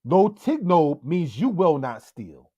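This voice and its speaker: A man teaching Hebrew in a slow, deliberate lesson style, often checking in with "all right?" and calling his viewers family. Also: fairly high pitch, sing-song, warm tone, breathy edge, no echo, highs cut off. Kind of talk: slow screen-share language lesson.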